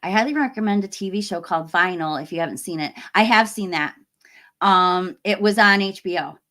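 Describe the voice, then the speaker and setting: A woman's voice: on the low side, fast, sharp tone. A woman hosting a casual livestream, chatting with viewers and reading their comments, friendly and full of fillers and small laughs. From United States. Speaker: livestream host.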